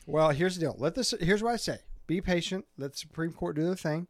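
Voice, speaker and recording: Animated male podcast co-host, dry close mic. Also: fairly high pitch, a little fast, no room sound. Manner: animated storyteller, acts out voices in anecdotes. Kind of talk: casual chat.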